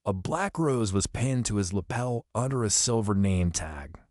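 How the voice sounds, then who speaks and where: A man narrates a fantasy audiobook in the first person, steady and descriptive. His voice sits on the low side. The recording is close and dry, with no room sound. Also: a little slow, no room sound.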